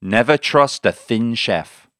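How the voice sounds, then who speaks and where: A man's voice: medium pitch, expressive, takes it slowly, a bit bright, dry recording, clean studio sound. A man co-hosting a language podcast who quizzes his co-host and jokes about his own explanations. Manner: quizzing, jokey and self-deprecating. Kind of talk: casual language-lesson chat.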